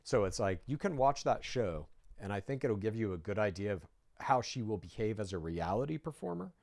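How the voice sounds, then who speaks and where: A man's voice: on the low side, big pitch swings, brisk, vocal fry, darkish tone, dry recording, studio quality. A man co-hosting a podcast, giving sardonic, analytical commentary on a reality star. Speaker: podcast co-host. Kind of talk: reaction commentary.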